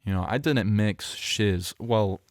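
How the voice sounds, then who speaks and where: A man's voice: on the low side, takes it slowly, no room sound, studio quality. A young man hosting a podcast, telling a rambling story in a casual chat, with lots of fillers and restarts. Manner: rambling, self-correcting, with many fillers. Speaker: podcast host. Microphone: studio mic close up.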